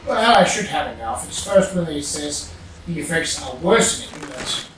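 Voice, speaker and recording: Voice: medium pitch, animated, moderate pace, distant mic. A gamer chatting casually over gameplay, musing and muttering to themself and humming now and then. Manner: musing, mutters to self, hums. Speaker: let's play gamer. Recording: very echoey room, off-mic, faint hiss.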